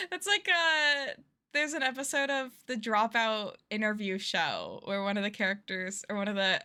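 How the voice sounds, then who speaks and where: A woman's voice: mid-range voice, very animated, unhurried, sharp tone. Giggly, chatty woman streamer. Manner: chatty, giggly, self-deprecating. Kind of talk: casual livestream chat while gaming.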